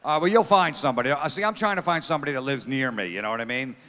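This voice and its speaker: A man doing a crude, deadpan stand-up comedy set, riffing with the crowd from a theater stage. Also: medium pitch, very fast. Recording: long theater reverb.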